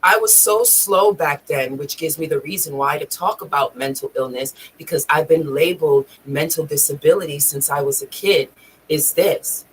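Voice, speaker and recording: Speaking at a normal speed in a voice that sits low, a woman vlogs through a personal story over slight background noise and poor audio. She's raw and profane, sometimes close to crying.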